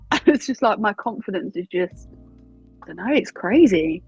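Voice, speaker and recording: A woman's voice: medium pitch, lively intonation, moderate pace, vocal fry, a little mellow, husky, no echo, highs cut off, soft background music. A woman in her twenties with an Essex accent, answering interview questions in a chatty, candid way and laughing easily. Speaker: wrestling announcer and interviewer.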